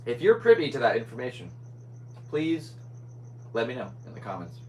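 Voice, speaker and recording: A man's voice: mid-range voice, huge pitch swings, normal speed, a little hiss or hum, low-quality recording. A young man hosting a casual solo podcast, rambling and scatterbrained as he chats. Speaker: podcast host.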